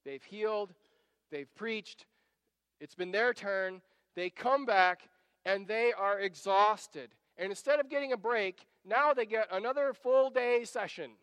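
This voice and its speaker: A man's voice: high voice, unhurried, a bit bright, clear, resonant tone, no room sound, in a large hall. A man preaching a sermon, reading scripture aloud and acting out the disciples' pleas in varied voices. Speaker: pastor. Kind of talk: expository sermon.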